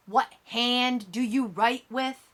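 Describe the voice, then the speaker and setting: A woman's voice: a little high, big pitch swings, a little slow, pushed and bright, heavily acted. A woman voicing a confident teenage girl on a track team, matter-of-fact and instructive. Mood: explaining.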